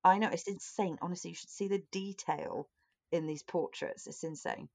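Gravelly-voiced woman chatting. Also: fairly low pitch, moderate pace, darkish tone. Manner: chatty, swearing, self-mocking. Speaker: podcast co-host. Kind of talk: casual chat.

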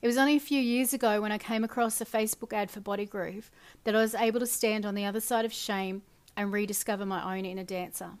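Woman, dance facilitator, reflective personal narration, earnest and gentle. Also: medium pitch, steady tone, fast talker, few pauses. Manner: soft, earnest, drops quiet at phrase ends.

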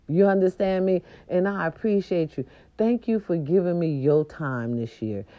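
A woman's voice: fairly low pitch, darkish tone, lo-fi sound. A woman hosting a podcast in casual holiday chat, sassy and playful, who breaks into little growls. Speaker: podcast host.

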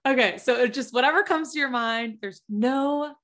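A woman's voice: high-pitched, moderate pace, fairly bright tone. Southern US woman, podcast host, conversational and giggly. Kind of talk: casual interview chat.

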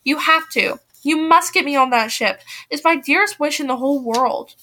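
A woman reading the lines of an eager, dreamy younger sister from a novel, pleading and excited. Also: high-pitched, moderate pace.

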